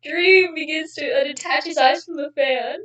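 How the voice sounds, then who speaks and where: A woman's voice: high-pitched, normal speed, fairly bright tone, roomy sound, far from the mic, lo-fi sound. A woman casually reading fan fiction aloud with a friend, giggly and stumbling over the words, heard from slightly off the mic.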